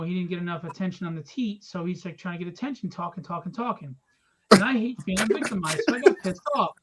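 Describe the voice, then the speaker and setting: A middle-aged man hosting a livestream, telling stories in casual chat, animated and profane, acting out the people in them. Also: high voice, low-quality recording. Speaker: livestream host.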